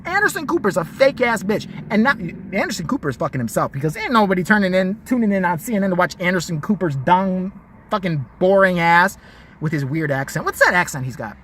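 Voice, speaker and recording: A man's voice: high voice, animated, brisk, fairly bright tone, slight background noise. A man ranting in a vlog commentary, profane and mocking. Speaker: vlogger.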